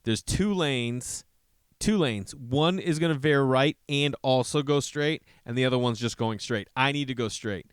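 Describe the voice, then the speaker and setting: Speaking at a measured pace, this podcast host has a clean tone with no room sound. His comedic stories ramble and are full of profanity, and he animatedly performs others' quotes by raising his voice.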